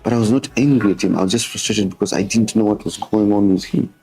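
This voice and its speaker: A host in his thirties talks earnestly and fast in a fairly low, dark, breathy voice with a Kenyan English accent. His casual, reflective talk switches between English and Swahili, with words repeated for emphasis. The recording is low quality, with faint music behind him.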